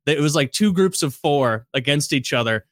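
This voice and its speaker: A man telling a story in casual podcast chat, animated and profane, laughing as he goes. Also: a little high, moderate pace, no room sound, clean studio sound. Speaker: podcast host.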